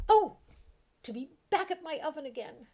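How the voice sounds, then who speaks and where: A woman's voice: high-pitched, animated, moderate pace, warm tone, slight background noise, pitched above the performer's own voice. A woman voicing a grateful young male dwarf cook in a game, reading his lines with a slight Southern drawl. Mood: delighted.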